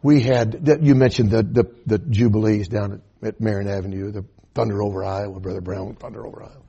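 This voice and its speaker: An older man with a Southern US accent preaches in a relaxed, folksy storytelling manner. His voice is mellow, dark and a little husky, and he keeps stopping to say amen. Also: fairly low pitch, a little fast, muffled recording. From Atlanta area, US South. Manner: folksy storytelling, punctuated with amens. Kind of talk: sermon.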